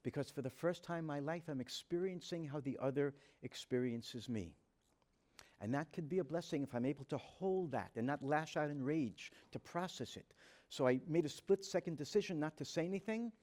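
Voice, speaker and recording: Earnest man telling a personal story, higher-pitched. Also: expressive, normal speed, darkish tone. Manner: earnest, dramatic retelling with quoted dialogue. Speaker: rabbi giving a talk.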